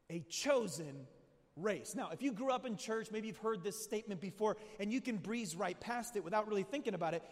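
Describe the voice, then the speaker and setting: A man preaching a sermon to a live audience, emphatic and full of questions to the crowd, rising to shouts. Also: high voice. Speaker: pastor. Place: large hall with audience. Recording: long hall reverb.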